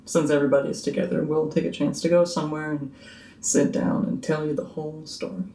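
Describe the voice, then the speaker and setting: A man playing a tabletop game, speaking in character in an earnest, measured way. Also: fairly high pitch, little pitch movement, warm tone. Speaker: player. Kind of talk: in-character roleplay. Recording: echoey room.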